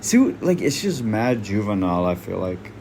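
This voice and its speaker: A man's voice: on the low side, very animated, moderate pace, a little mellow, slight background noise. A man doing casual reaction commentary, blunt and slangy, swearing freely. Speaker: online commentator.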